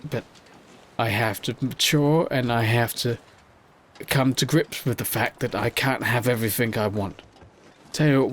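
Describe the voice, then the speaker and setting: A man's voice: medium pitch, a bit bright. Playful man narrating a survival game. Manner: playful, self-mocking, jokes while playing. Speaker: let's play host. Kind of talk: gameplay commentary.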